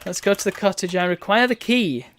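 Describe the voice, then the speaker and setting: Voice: medium pitch, a little fast, fairly bright tone. A streamer giving wry, bemused commentary while reading a game's text aloud. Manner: wry, bemused asides between read-out lines.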